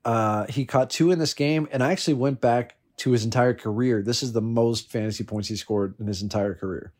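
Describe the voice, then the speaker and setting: A man's voice: medium pitch, brisk, darkish tone. A man in casual chat, animatedly telling a fantasy football story, swearing and laughing as he goes. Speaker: fantasy football league member.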